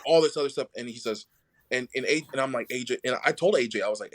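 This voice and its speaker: A young adult man, a podcast guest, telling his own story casually and acting out what others said in lively voices. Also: mid-range voice, fast talker.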